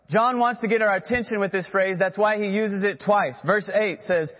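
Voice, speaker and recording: A man's voice: high-pitched, fairly quick, highs cut off. Earnest male pastor preaching in a reverberant hall. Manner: earnest, calls on the congregation to repeat phrases. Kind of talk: sermon.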